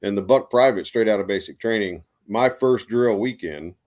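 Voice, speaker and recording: Low-voiced army vet guy rambling thru his stories, lots of um and restarts. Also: normal speed, a little mellow. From United States. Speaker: guest, Army veteran. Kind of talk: casual storytelling.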